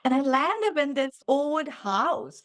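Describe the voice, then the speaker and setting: A woman in her forties tells a personal story with lively energy, her voice sitting a little high. She drops into the voices of her past self as she goes, in a loose, chatty guest style. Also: slow pace. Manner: animated, acts out her own past lines. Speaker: podcast guest, physical therapist. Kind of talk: casual storytelling in interview. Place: lived in the Midwest.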